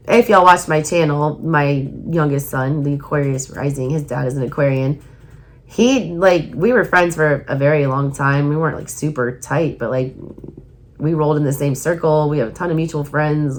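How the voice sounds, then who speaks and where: Hoarse Southern woman reading tarot. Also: sits low. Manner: emphatic, repeats herself, urging viewers. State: voice going hoarse. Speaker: tarot reader.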